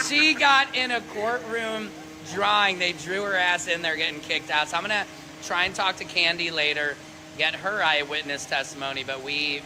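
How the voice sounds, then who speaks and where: Hyped jokey guy reporting outside, kinda high voice, loud street traffic behind. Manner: joking, showman-like, addresses "guys". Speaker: street reporter covering a trial. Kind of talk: hyped on-the-spot vlog report. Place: outdoors outside a court building. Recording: clear street noise with passing traffic.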